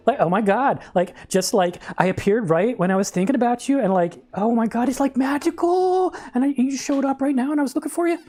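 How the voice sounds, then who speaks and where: A man's voice: very high voice, a little fast, few pauses, warm tone, voice pushed up. A man voicing a bubbly young Valley girl who gushes and fills every phrase with "like" and "totally," done as an improvised bit on a livestream. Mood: gushing. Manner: gushing, peppered with "like" and "totally".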